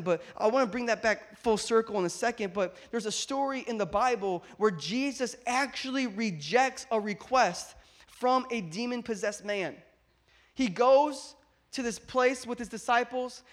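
A man preaching a sermon, building to loud emphatic peaks and acting out Bible dialogue. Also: very high-pitched. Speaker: pastor.

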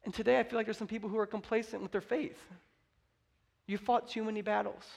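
A man's voice: sits high, level tone, quick pace, vocal fry. A young man preaching a sermon as a pastor, speaking with fervent, emphatic energy and acting out scripture quotes.

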